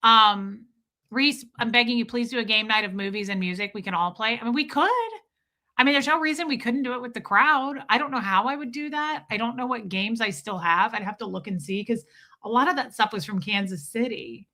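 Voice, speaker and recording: Woman livestream host, bright tone, slightly high voice, chatty storyteller who laughs and swears easily. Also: a little fast. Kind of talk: casual livestream chat with viewers.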